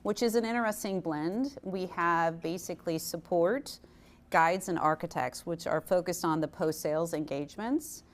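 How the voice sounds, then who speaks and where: A woman's voice: on the low side, normal speed. An older woman, a panelist on a conference stage, talking in a plain, matter-of-fact way with a self-deprecating edge. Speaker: panelist, customer success executive. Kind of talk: panel discussion.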